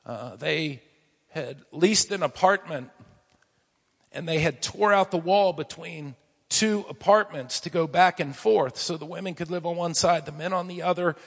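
Male pastor from the United States, husky tone, sermon storytelling that swings from hushed to loud, long hall reverb. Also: on the high side, unhurried.

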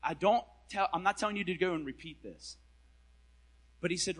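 Animated, bright-voiced male preacher. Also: high-pitched, a little fast, pauses often, rough recording. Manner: animated, swings between loud and hushed, laughs often; casual, slangy. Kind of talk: storytelling sermon.

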